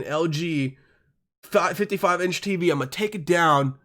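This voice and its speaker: A man's voice: a little high, moderate pace, a bit bright. A man from Europe hosting a podcast, telling a rambling, crude story in a casual monologue full of swearing and self-interruptions. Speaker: podcast host.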